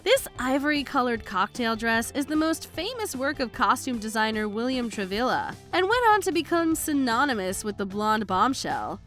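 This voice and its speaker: A woman's voice: a little high, very animated, moderate pace, few pauses, a bit bright, faint music behind. A woman doing scripted voice-over narration for a countdown, upbeat and emphatic.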